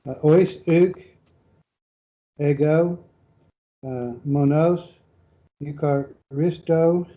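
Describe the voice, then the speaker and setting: A man reads Greek words aloud in a slow, careful, hesitant way, then answers the teacher's questions. He sits away from the microphone, and the sound is dull and lo-fi. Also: a little high, steady tone. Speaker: class member. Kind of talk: reading Greek aloud in class. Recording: dull lo-fi, off-mic in a room.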